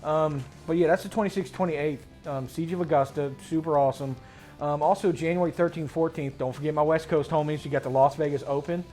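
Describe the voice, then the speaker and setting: A man hosting a casual tabletop gaming chat, slangy and rambling, getting excited as he talks. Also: a little high, a little fast, soft background music. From Mid-Atlantic United States. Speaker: host.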